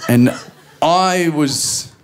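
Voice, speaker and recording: A man in his forties with an Australian accent, performing a stand-up comedy routine on stage and telling stories with acted-out voices and sudden shouts. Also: on the high side, drawn-out words, noisy background. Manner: animated storytelling, acting out voices and shouts. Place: comedy venue stage with a live audience.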